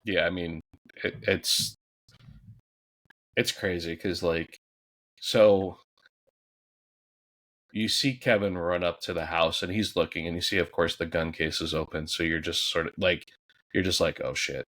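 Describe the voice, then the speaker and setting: A man's voice: low voice, steady tone, measured pace, pauses often, dry recording. A man co-hosting a movie podcast, describing scenes casually with some swearing and acted-out lines. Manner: casual, swears, acts out characters' shouts. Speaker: podcast co-host. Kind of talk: casual movie review chat.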